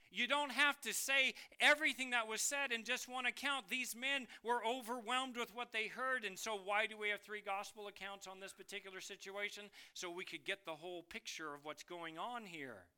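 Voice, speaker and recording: A man preaching a sermon, lively and questioning, reading scripture aloud and asking the congregation questions. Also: sits high, clean tone. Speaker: pastor.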